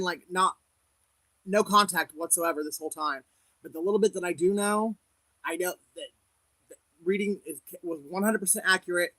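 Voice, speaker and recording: A man's voice: sits high, bright, forceful tone, dry recording, poor audio. A man hosting a casual livestream as a psychic reader, speaking candidly to viewers with frequent laughs and religious conviction.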